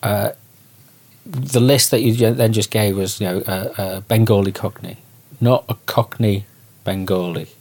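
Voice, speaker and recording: A man's voice: lowish voice, a little slow, a little mellow. A man hosting a conversation, asking thoughtful, somewhat hesitant questions. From immigrant to his city. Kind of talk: conversational interview.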